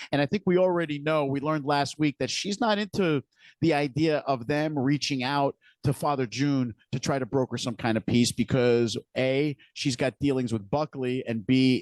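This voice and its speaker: Speaking at medium pitch and a moderate pace, this man co-hosts a podcast and walks through scenes from a TV episode in a relaxed, detailed recap. The recording is dry.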